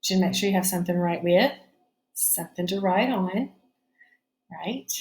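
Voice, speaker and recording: A woman's voice: lowish voice, moderate pace, darkish tone. Middle-aged woman teacher, patient and encouraging, recorded phonics lesson from her home kitchen. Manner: patient, checks in with students often.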